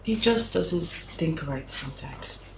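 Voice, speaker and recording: A protective mother with a Nigerian accent and a low, gravelly voice. She speaks slowly and reassuringly in a roomy space, with faint background ambience. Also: slight background noise, heavily acted. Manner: calm, reassuring. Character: steady protective mother reassuring her daughter.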